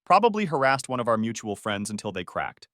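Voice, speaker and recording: A man's voice: on the low side, big pitch swings, a little fast, a bit bright, no room sound. A man narrating a first-person story in a dry, sarcastic manner, close to the mic.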